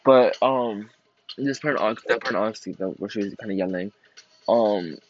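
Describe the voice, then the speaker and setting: A man casually reacting to an album, excitable and gushing, laughing often between thoughts. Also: fairly low pitch, moderate pace, dull audio. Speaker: music reaction vlogger.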